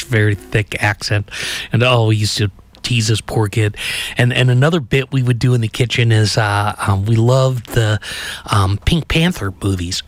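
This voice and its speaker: A man's voice: medium pitch, no echo. Middle-aged male chef, casual cooking chat, rambly with lots of ums, dry voice. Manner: rambling, many ums and uhs, laughs at his own stories. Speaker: chef teaching a recipe. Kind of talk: casual cooking demonstration with storytelling.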